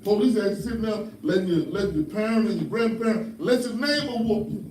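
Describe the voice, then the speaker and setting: Speaking quickly in a high, slightly mellow voice, an older man preaches a folksy sermon in church. He is a pastor, full of funny stories and stern warnings, and the recording sounds roomy and far off.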